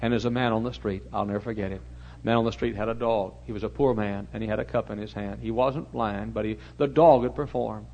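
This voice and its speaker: A man preaching a storytelling sermon in a church, talking animatedly and getting suddenly loud when he acts out shouted commands. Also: lowish voice, fairly even intonation, brisk, dull audio, a little hiss or hum. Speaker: pastor.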